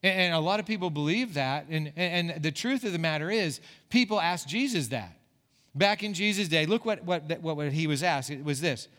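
A man's voice: fairly high pitch, lively intonation, normal speed, a bit bright. A man preaching a sermon as a pastor, in an earnest way that repeats words as he builds a point. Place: church sanctuary. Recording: church hall reverb.

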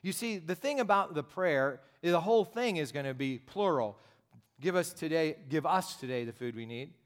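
A man's voice: fairly high pitch, animated, moderate pace. A pastor preaching a sermon in a direct, conversational way, driving his points home with emphatic repetition. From United States.

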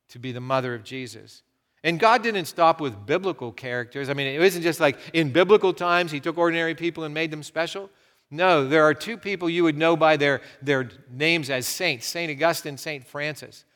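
A man preaching a sermon, telling stories with animated swings from loud to hushed. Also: fairly high pitch, long reverb tail. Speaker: pastor.

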